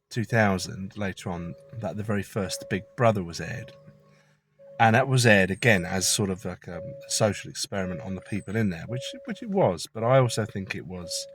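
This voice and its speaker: A man's voice: lowish voice, a little hiss or hum. A man talking in a chatty, rambling, conspiratorial monologue from inside his car. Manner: chatty, conspiratorial, swears casually. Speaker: vlogger.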